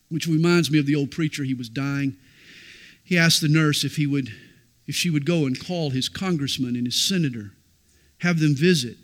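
A middle-aged pastor preaches with a voice that sits a little high for a man. He swings from ringing declarations down to near-whispered, intimate stretches of storytelling. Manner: dramatic swings from loud declaration to hushed intimacy. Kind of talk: sermon.

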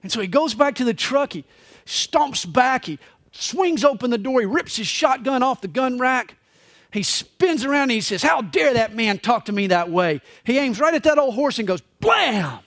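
Male pastor preaching a live sermon, high voice with a wide, lively swing, dry close sound. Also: normal speed, dry recording. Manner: expressive storytelling preacher. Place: church service.

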